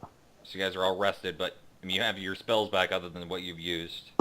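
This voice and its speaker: A man narrating a tabletop game as game master, halting with many fillers. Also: sits low, flat delivery, noisy background.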